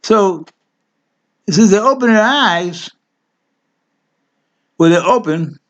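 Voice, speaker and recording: Taking it slowly, a high-voiced, expressive man teaches Hebrew words over a casual screen share, clicking through his screen while thinking aloud, correcting himself, and gently urging on listeners he calls family. His tone is a bit bright.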